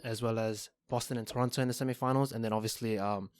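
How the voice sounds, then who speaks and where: A man co-hosting a sports podcast, talking in a measured way with frequent pauses and restarts. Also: mid-range voice, steady tone, clean tone, no echo. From Australia. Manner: measured, hesitant, lots of ums and restarts. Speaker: podcast co-host. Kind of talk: casual chat.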